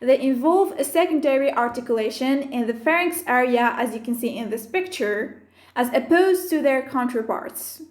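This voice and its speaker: Female language teacher, high voice, careful measured delivery, roomy echo. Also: animated. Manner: slow, careful listing of sounds and terms. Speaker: Arabic teacher. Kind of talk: explaining phonetics with slides.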